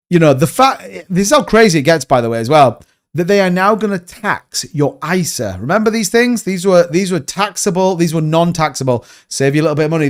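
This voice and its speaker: A man with a Yorkshire accent, chatting bluntly on a livestream and answering viewers, often repeating himself and calling people mate. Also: a little high. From Yorkshire, England. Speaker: crypto livestream host. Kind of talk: casual livestream chat reading viewer comments.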